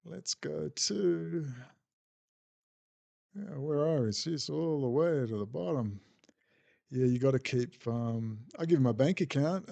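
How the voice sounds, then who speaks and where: A man's voice: fairly high pitch, creaky, mellow. A man hosting a casual livestream, rambling and bluntly answering chat messages as he goes. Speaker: livestream host reading chat.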